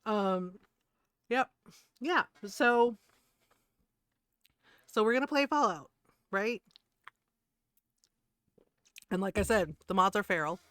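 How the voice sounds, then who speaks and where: A middle-aged woman chats on her game stream, blunt and freely swearing, with frequent laughter. Her voice is smooth and clear. The sound is dry and close, with no room echo. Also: mid-range voice, slow pace, pauses often, fairly bright tone. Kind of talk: casual stream chat.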